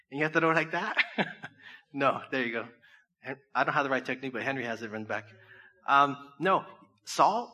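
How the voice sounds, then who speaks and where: Bright-voiced man preaching casually. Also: fairly high pitch. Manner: conversational, jokey, asks the crowd questions. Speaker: pastor. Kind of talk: casual sermon.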